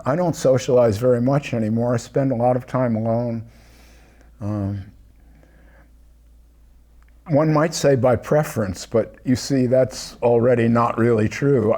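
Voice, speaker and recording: An older man speaks with a dark, mellow tone. He talks candidly and without hurry. He comes across as a reflective host on a video call. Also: medium pitch. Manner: candid, unhurried, speaks of his pain openly. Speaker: host of a group gathering. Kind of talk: reflective personal talk.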